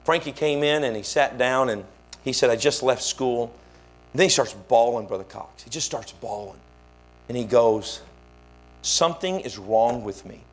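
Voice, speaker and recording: Preaching a sermon at a normal speed, this pastor has a mid-range voice. He's a lively storyteller who performs the voices of everyone he quotes.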